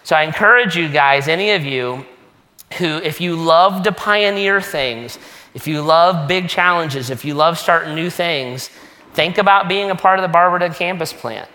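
A male pastor speaking to his church in an easygoing, joking way. His voice is bright and sits a little high. It carries a long reverb from a large church hall. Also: normal speed. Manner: casual, joking, conversational preaching. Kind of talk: sermon announcements. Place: church sanctuary.

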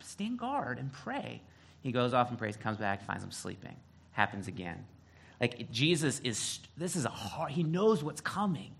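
A male pastor preaching a sermon, retelling a story in a casual, animated way and acting out the quotes. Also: medium pitch, vocal fry, slightly rough.

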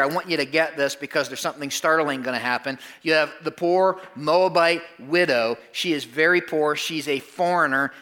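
A male pastor preaching a sermon with a bright, ringing voice pitched a touch high. He retells a Bible story in a lively way, breaking off to talk straight to his listeners, then sinking to a quiet hush. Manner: animated storytelling, drops to a soft hush for tender moments.

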